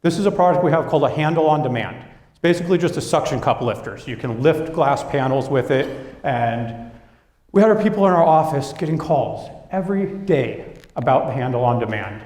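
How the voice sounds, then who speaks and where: A man's voice: on the high side, a little fast. A young adult man giving a business presentation to an audience, telling stories with energy and acting out what coworkers said. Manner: lively storytelling, acting out quoted coworkers. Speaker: business speaker. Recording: echoey hall.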